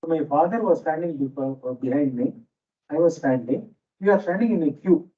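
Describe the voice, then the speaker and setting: A man's voice: on the high side, brisk. A man with an Indian English accent, lecturing teachers as a management teacher, telling stories and repeating key phrases for emphasis. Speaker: management teacher giving a faculty talk. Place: lecture hall with a noisy fan. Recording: dull, distant hall recording.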